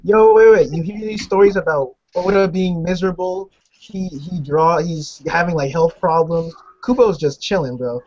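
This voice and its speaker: A man's voice: a little high, normal speed, few pauses, darkish tone. A man in a casual group chat who jokes and laughs between his lines. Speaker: stream co-host. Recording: lo-fi stream audio with faint noise.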